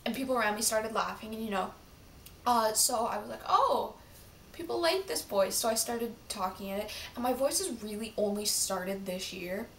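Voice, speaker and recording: A woman's voice: mid-range voice, steady tone, normal speed, a little hiss or hum. A teenage girl chatting casually to camera for her vlog, rambling along with many fillers. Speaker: vlogger. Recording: roomy, from a distance.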